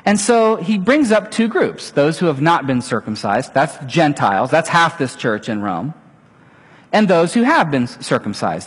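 A middle-aged male pastor preaches with lively storytelling, acting out little voices as he goes, and the recording has a long hall reverb. His pitch is fairly high, with a breathy edge.

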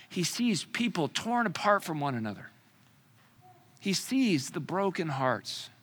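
A man preaching a sermon, with dramatic pauses and rhetorical questions, swinging from loud emphasis to hushed near-whispers. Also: a little high.

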